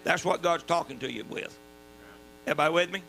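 A man with a Southern US accent preaching a sermon in a folksy, emphatic way, dropping suddenly to quiet. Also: a little high, fast talker, vocal fry, poor audio. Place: church. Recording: mains hum underneath.

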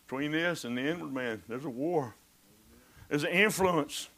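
A man's voice: a little high, normal speed, a bit bright. A man preaching a fervent sermon, exclaiming and dropping to whispers.

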